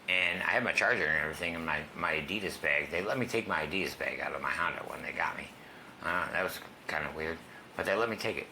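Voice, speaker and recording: A man's voice: deep voice, pushed and bright, slight background noise. A man candidly telling his own story in a casual, profane way, sometimes dropping to a whisper. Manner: casual, profane, drops to a whisper at tense moments. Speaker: guest sharing his recovery story.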